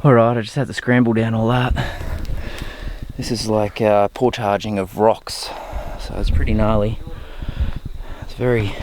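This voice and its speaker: A man's voice: lowish voice, flat delivery, unhurried, a little mellow, a little hiss or hum. Breathless Australian man hiking uphill. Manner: breathless between phrases, talking while climbing. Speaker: hiking vlogger. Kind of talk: casual vlog narration. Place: outdoors on a steep mountain trail.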